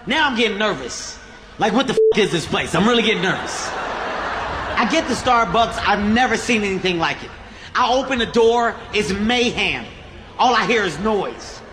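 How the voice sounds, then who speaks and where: A man doing stand-up comedy, telling an animated story and acting out both sides with shouted punchlines. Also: sits high, moderate pace, reverberant, a little hiss or hum.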